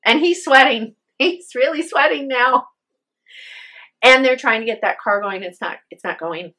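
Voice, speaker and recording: A woman's voice: sits high, a little slow, sharp tone. A woman telling a spoken ghost story with drama, acting out the voices of her characters.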